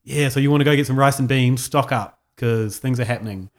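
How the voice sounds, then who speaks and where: A New man mimicking a pushy conspiracy show host, firing off quick questions. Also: mid-range voice, lightly acted. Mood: probing. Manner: quoting with mild mimicry, brisk questions.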